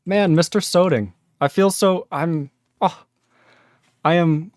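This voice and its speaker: Guy running a coding stream, kinda high voice, rambly and excitable, dry close sound. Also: no room sound. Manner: excitable, rambling, quick laughs. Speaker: programming livestream host. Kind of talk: casual livestream chat while coding.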